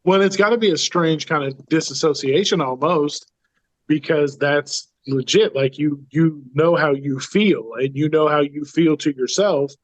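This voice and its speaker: Gently probing man, slightly raised pitch. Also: a little slow, no echo. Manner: empathetic, gently probing questions, hedges with "kind of". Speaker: podcast co-host. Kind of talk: conversational podcast chat. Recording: dull dry remote mic.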